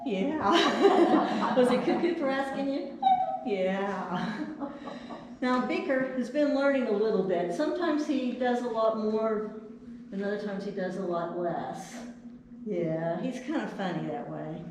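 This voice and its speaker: A woman puppeteer giving a children's puppet show, gently coaxing and talking to her puppet. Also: mid-range voice, unhurried, noisy background. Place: chapel. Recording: echoey chapel from far off.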